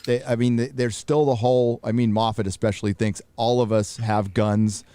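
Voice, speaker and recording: A man's voice: mid-range voice, flat delivery, moderate pace, dark tone, smooth, dry recording. A man co-hosting a casual panel chat, talking bluntly and profanely, rambling with fillers. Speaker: co-host.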